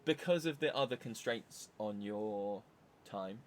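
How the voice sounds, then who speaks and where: A man's voice: lowish voice, measured pace, slight background noise. A man co-hosting a podcast, talking thoughtfully and searching for words as he goes. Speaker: podcast co-host. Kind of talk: casual podcast chat.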